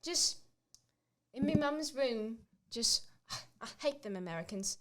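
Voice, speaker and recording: A woman's voice: fairly high pitch, lively intonation, takes it slowly. A woman playing a prim, mock-indignant British woman with a put-on British English accent in a comedy sketch.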